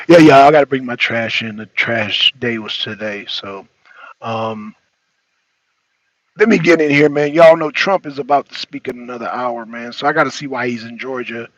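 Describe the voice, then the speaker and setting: A man's voice: medium pitch, fairly bright tone, no echo, lo-fi sound. A man hosting a casual livestream talk show, rambling and slangy, often repeating himself.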